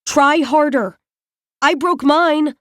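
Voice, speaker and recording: Woman reading a blunt young heroine: firm, curt, a touch high. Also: takes it slowly, a bit bright, no echo, studio quality. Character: young amnesiac girl, blunt and determined.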